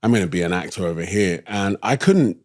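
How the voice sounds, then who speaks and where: A man's voice: low-pitched, lively intonation, fairly quick, darkish tone, no room sound, clean studio sound. A man from East London with a London accent, a guest casually telling stories in a laid-back, slangy way. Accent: London English. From East London, England. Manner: laid-back, slangy, drifts between thoughts. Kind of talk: casual storytelling.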